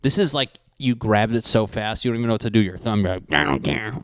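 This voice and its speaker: A man's voice: on the low side, fast talker, clean tone, dry recording, clean studio sound. A young man hosting a podcast, ranting profanely and animatedly in a solo comedic monologue, often mocking people in put-on voices. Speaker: podcast host.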